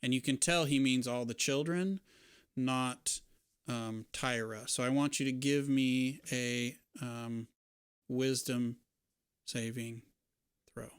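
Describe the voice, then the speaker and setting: A man narrating as game master of a tabletop game, describing scenes in a relaxed way with casual fillers. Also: mid-range voice, takes it slowly, smooth, no room sound, studio quality.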